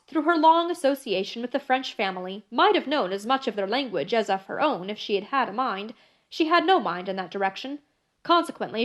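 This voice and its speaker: A woman narrating a classic novel in a measured, expressive reading. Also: a little high. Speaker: audiobook narrator.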